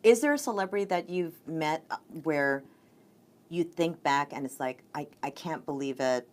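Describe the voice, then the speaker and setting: A woman's voice: low-pitched, animated, normal speed, darkish tone. A woman hosting an interview, asking questions and adding playful asides. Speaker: host. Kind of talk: talk story interview.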